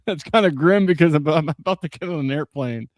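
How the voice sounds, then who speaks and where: A man's voice: a little high, a little fast, dry recording. A man in a casual podcast chat who tells chatty stories and laughs often as he talks.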